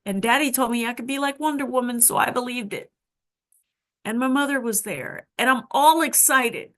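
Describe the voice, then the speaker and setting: A woman guest telling a deeply personal story with emotion, acting out the voices of people in it. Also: normal speed, a bit bright. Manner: emotional, dramatic retelling with voiced quotes.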